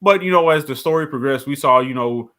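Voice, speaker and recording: A man on a casual podcast, ranting with lots of swearing and an animated, worked-up delivery. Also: mid-range voice, fairly quick. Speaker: podcast co-host.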